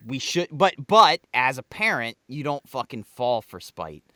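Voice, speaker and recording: A man's voice: mid-range voice, big pitch swings, measured pace, pushed and bright, no room sound, clean studio sound. A middle-aged man co-hosting a podcast in casual chat, heated and profane, stumbling over the starts of his words. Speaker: podcast co-host.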